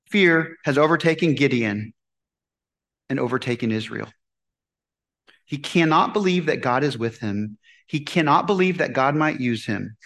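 A man preaching a sermon in an animated way, asking his listeners questions and answering them. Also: mid-range voice, normal speed. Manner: animated, asks the congregation questions. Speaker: pastor.

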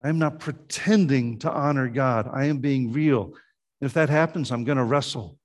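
A man's voice: medium pitch, moderate pace. A man preaching a sermon as pastor, earnest and conversational, often restarting his phrases.

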